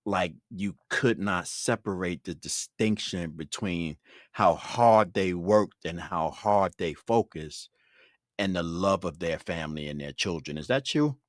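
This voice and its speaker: A man in his fifties with a very deep voice, hosting an interview podcast. He tells personal stories in a relaxed, reflective way, recorded close and dry with no room sound. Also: unhurried, no echo. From Brooklyn, New York. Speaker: podcast host. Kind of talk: conversational interview.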